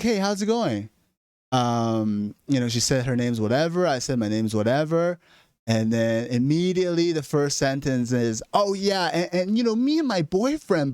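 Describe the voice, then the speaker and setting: A man's voice: medium pitch, no room sound, studio quality. A man delivering an exasperated, profane comedic rant straight to camera. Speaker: vlogger. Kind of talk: ranting comedic monologue.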